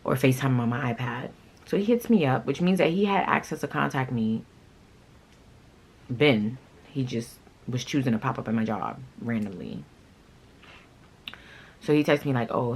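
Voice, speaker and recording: A woman vlogger telling a personal story in a casual, blunt, animated way, swearing freely. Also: rumbling low, normal speed, breathy edge, rough recording.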